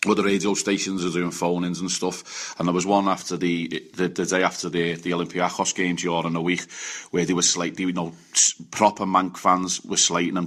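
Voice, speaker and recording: A man with a very deep voice lays out football opinions in a forthright, chatty way. He speaks in casual radio style. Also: fairly quick, fairly bright tone. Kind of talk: football talk.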